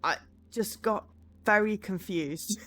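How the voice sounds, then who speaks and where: A woman's voice: mid-range voice, takes it slowly, a bit bright. A woman streamer reading game narration aloud and chatting with her viewers in a chatty, self-deprecating way.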